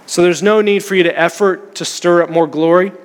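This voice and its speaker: A man's voice: high-pitched, steady tone, fairly quick. A man preaching a sermon as pastor, telling stories in a conversational way. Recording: long reverb of a church hall.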